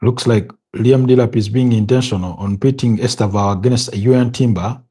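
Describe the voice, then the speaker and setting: A tired, yawning Ugandan man chats and commentates live during a football watch-along, thinking out loud with hesitations and repeated words. His voice is medium-pitched, mellow and husky, with fairly even intonation and a fairly quick delivery.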